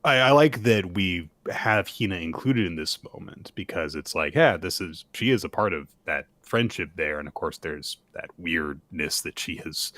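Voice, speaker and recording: Male podcast co-host, lower voice, dry close mic, lively recap delivery. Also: no echo. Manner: animated, acts out character lines with laughter. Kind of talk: casual manga recap chat.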